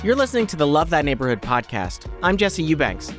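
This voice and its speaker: A man hosting a podcast, narrating a story in a measured, explanatory way. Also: fairly high pitch, big pitch swings, loud music behind the voice. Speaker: podcast host.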